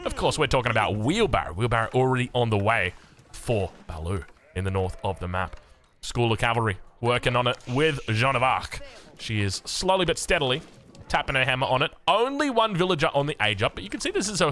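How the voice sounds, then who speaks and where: An Australian man giving energetic, jokey play-by-play commentary on a strategy game match as its caster. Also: mid-range voice.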